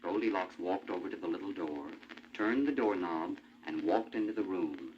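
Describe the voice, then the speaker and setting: A man narrating a storybook in an animated, expressive way. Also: deep voice, moderate pace, a little hiss or hum. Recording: muffled old vinyl with music.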